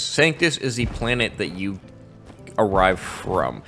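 A man's voice: on the low side, big pitch swings, slow, fairly bright tone, soft background music. A man giving casual, rambling let's-play commentary on a game. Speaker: gamer.

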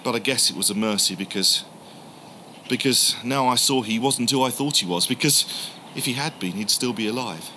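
A man telling the story in the first person as a grieving, doubting male disciple, halting and emotional, repeating words. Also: medium pitch, sharp tone, slight background noise, lightly acted.

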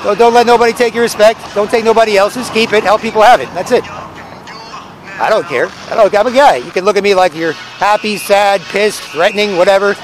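A man's voice: high voice, a little fast, over music, a crowd in the background, low-quality recording. A man giving a rambling, profane, preachy monologue outdoors on city streets. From Canada. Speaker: street vlogger. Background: faint traffic.

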